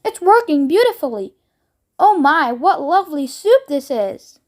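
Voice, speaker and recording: A spoiled, bossy girl from a storybook, gushing over her food in a very high, piercing voice, put on by a woman reading aloud. She sounds obstinate and greedy. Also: big pitch swings, measured pace, darkish tone. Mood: greedy delight.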